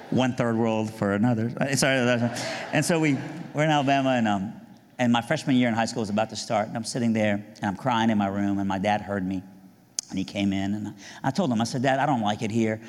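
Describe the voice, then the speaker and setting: Animated man telling a testimony in a hall. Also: fairly quick, slight background noise. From Iran. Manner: animated, jokey, mimics voices, rises high for punchlines. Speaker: speaker giving a testimony. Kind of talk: storytelling testimony with humor. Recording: long hall reverb.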